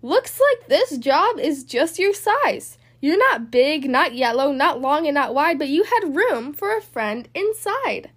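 Woman doing a kindly, slow-talking school bus. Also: high-pitched, lively intonation, a bit bright. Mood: gentle. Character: big kindly female school bus, motherly.

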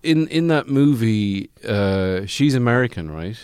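A man's voice: medium pitch, expressive, unhurried, darkish tone, smooth, no room sound. A man on a podcast panel chatting casually, rambling with jokey asides. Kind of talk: casual chat.

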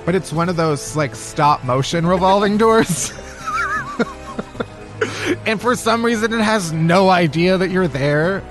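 A man's voice: high voice, slow pace, pauses often, over music. A man hosting a comedy podcast, telling a rambling comic monologue full of swearing and laughter. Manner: animated, swearing, laughing at own jokes. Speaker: podcast host.

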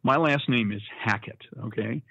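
Brief: husky older man, folksy storyteller, dry and thin-sounding line. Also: mid-range voice, normal speed, sharp tone, no room sound. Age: 70s. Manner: folksy, laughs at his own stories. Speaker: Marine veteran guest. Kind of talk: casual storytelling interview. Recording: dry, tinny phone-like line.

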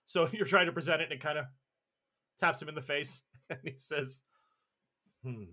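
A man narrating as game master of a tabletop game, animated and laughing often. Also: fairly high pitch, a little fast.

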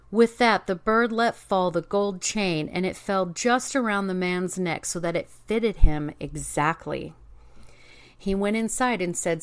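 A woman narrating a fairy tale in a measured, expressive reading. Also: lowish voice, clear, resonant tone. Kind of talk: storybook narration.

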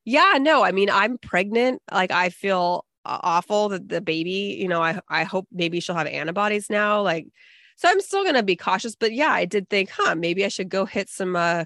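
Female co-host, bright tone, hesitant and rambling, dry close mic. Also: medium pitch, no echo. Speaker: podcast co-host. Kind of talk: casual chat.

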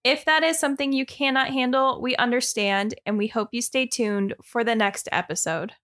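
A woman from Indiana co-hosting a true crime podcast, bantering and reacting with quick giggly comments. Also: a little high, a bit bright. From Indiana, USA. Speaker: podcast co-host.

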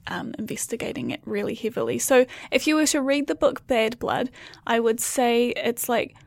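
A woman's voice: a little high, moderate pace, creaky, no echo, clean studio sound. Chatty woman. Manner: chatty, rambling with restarts. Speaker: podcast co-host. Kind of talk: casual chat.

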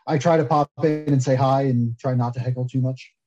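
A man's voice: medium pitch, steady tone, brisk, dark tone, lo-fi sound. A man speaking as a guest soap maker in a casual podcast interview, self-deprecating and opinionated, picking up energy when he argues a point.

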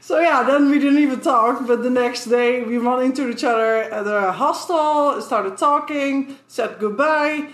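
A cheerful woman tells a story in relaxed, casual chat, laughing as she goes. Her voice sits a little high. The recording is roomy and echoey. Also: unhurried, hardly any pauses. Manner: cheerful, laughs while talking. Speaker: guest.

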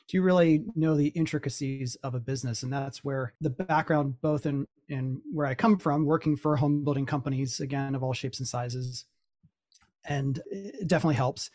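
A man's voice: mid-range voice, darkish tone, dry recording. A man talks freely as a podcast guest, often repeating words as his thoughts form. His mid-range voice is captured close and dry. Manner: talkative, repeats words while thinking. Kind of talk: casual interview talk.

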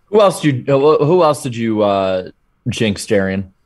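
A man's voice: mid-range voice, big pitch swings, a little slow. A man co-hosting a podcast, musing about racing in casual chat with many restarts. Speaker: podcast co-host.

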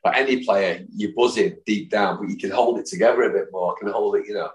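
A man in his fifties with a low, deep voice, spinning rambling anecdotes as a podcast guest. He jumps into the voices of the people in his stories. The room adds a noticeable echo. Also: a little fast. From Manchester, England. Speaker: podcast guest, football fan. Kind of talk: anecdotal storytelling. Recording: roomy echo.

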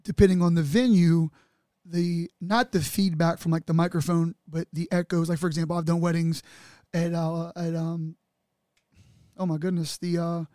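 A middle-aged man chats loosely as a podcast host, wandering through his points with many fillers. His voice sits a bit high but sounds mellow and dark in tone, recorded dry and close. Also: little pitch movement, moderate pace, dry recording. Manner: rambling, chatty, with many fillers. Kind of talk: casual interview chat.

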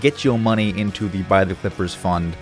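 Joking podcast co-host with a low voice. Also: male voice, a little fast, faint music behind. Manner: jokey, rambling storytelling with fillers. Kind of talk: comedic podcast banter.

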